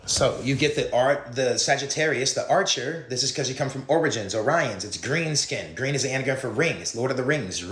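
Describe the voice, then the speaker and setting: A man's voice: mid-range voice, lively intonation, brisk, hardly any pauses, fairly bright tone. A man in a clip, lecturing earnestly in a rambling stream of word puns. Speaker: conspiracy video speaker. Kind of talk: rambling word-association monologue. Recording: roomy clip played on stream.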